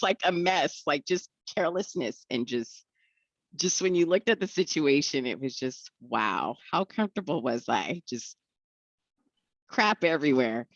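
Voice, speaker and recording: A woman's voice: very deep voice, no echo, highs cut off. A young woman tells her recovery story in a candid way, acting out the voices of the people she quotes and often laughing.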